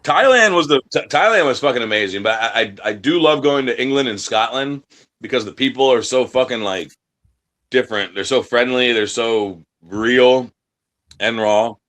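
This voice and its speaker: A man's voice: medium pitch, normal speed, fairly bright tone. Brash, profane male wrestler. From United States. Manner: profane, brash and boastful, acts out voices in his stories. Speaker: independent wrestler, guest. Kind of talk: casual interview talk.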